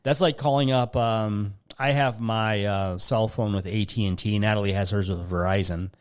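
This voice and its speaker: Low-voiced man explaining in casual chat. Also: steady tone, normal speed, clear, resonant tone. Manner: conversational, explains with everyday comparisons. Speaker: retirement podcast host.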